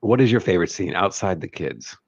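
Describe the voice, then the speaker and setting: A hoarse man co-hosting a podcast, joking crudely in a casual chat. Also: low voice, animated, a little fast, no echo, muffled recording. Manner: crude, joking, does voice impressions. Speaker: podcast co-host.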